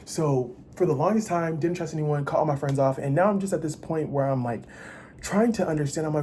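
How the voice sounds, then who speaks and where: This vlogger is a man with a mellow voice who rambles through a confessional monologue at a fairly quick clip. Restless and profane, he cuts himself off and lurches from loud bursts to low mutters, with a little hiss or hum in the recording.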